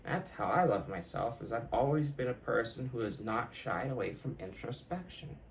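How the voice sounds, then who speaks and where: A man's voice: mid-range voice, animated, normal speed, gravelly, a little hiss or hum, poor audio. Profane, reflective young man podcasting. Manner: profane, reflective, laughs often. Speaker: podcast host. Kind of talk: casual solo monologue.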